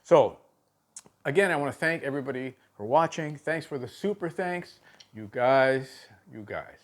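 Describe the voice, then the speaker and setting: A man teaching a drum lesson on video, talking in a halting way with many fillers and counting the strokes aloud. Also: mid-range voice. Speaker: drum instructor.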